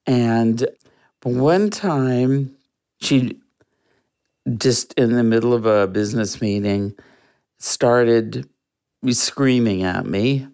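A guest telling a personal story in an interview, in an earnest, reflective way with soft laughs. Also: mid-range voice, extremely slow, pauses often.

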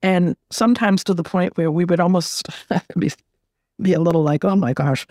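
Middle-aged woman, gentle reflective storytelling, repeats words, dry close sound. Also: lowish voice, fairly even intonation, normal speed, dry recording. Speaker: interview guest. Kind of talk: heartfelt personal storytelling.

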